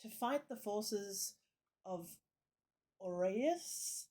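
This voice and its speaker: A woman voicing a kindly male priest with a gentle, lilting way of speaking, reading game dialogue aloud. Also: mid-range voice, expressive, extremely slow.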